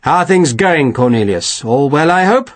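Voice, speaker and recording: A man's voice: a little high, expressive, moderate pace, no echo. A man doing a grand, placating colonel. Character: genial, evasive older male colonel.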